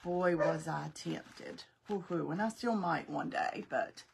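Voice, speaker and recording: A woman's voice: sits low, takes it slowly, creaky, breathy edge. A middle-aged woman casually demonstrating a craft live, chatting folksily, thinking aloud and greeting viewers by name.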